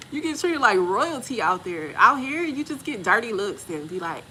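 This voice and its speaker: Woman, 40s, vlogger; slangy storyteller, lively swooping pitch. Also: moderate pace, hardly any pauses, a little hiss or hum. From Texas. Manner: animated, laughs often, slangy. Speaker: vlogger and respiratory therapist. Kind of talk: casual storytelling chat.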